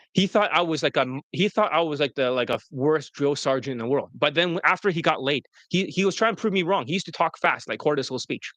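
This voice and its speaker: A man's voice: on the high side, animated, brisk, a bit bright, no echo. A man, a dating coach, telling stories to an interviewer in a blunt, profane, rambling way. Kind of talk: casual storytelling to an interviewer.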